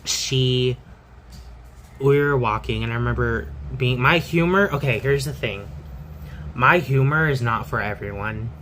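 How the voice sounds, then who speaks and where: A man's voice: medium pitch, measured pace, a bit bright, slight background noise, rough recording. A man telling a personal story in a candid, rambling way, full of fillers and restarts.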